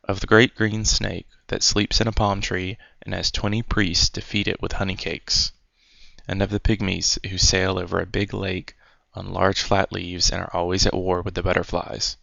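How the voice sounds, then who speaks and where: A man reading a fairy tale aloud as a storyteller, in a measured, unhurried way. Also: sits low, flat delivery, creaky, sharp tone, no echo. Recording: dry, dull lo-fi recording.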